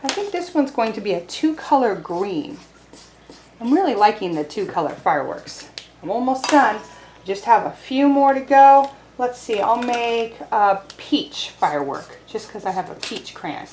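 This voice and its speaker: A woman teaching a video lesson to young children, speaking cheerfully, slowly and clearly. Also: a little high, expressive, a little mellow, roomy sound, a little hiss or hum. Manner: cheerful, slow and clear, sings simple songs. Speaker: preschool teacher.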